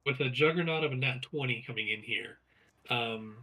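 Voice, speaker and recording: Male game master, husky and bright, hesitant narration. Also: mid-range voice, normal speed, rough recording. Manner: hesitant, searching for words.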